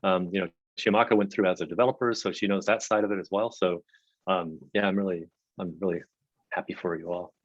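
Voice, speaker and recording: A man welcoming a group on a video call in an upbeat, halting way with many fillers. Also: low voice, fairly even intonation, no echo. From Oregon, USA. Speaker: program founder. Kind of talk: casual online meeting. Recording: dull, dry call audio.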